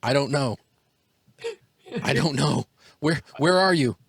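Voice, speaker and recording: A man's voice: mid-range voice, slow, creaky, a little hiss or hum, pitched above the performer's own voice. Man doing an anxious young man. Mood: urgent. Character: worried young man on a radio.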